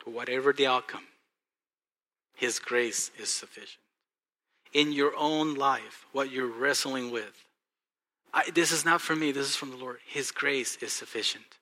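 Bright-voiced impassioned Texan pastor. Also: male voice, medium pitch, unhurried, long pauses. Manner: impassioned, swings from hushed to loud and excited. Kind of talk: sermon.

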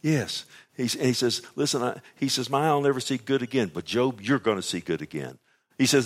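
A man preaching a sermon, reading scripture aloud and explaining it in a conversational way, moving between loud urgent pleading and low hushed passages. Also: fairly quick. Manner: reads scripture aloud and then paraphrases it.

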